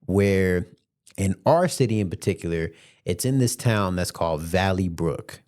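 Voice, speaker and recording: Slangy low-voiced man telling stories. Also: a little slow. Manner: animated, chatty, slangy, laughs while telling stories. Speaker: podcast host and rideshare driver. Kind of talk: casual storytelling monologue.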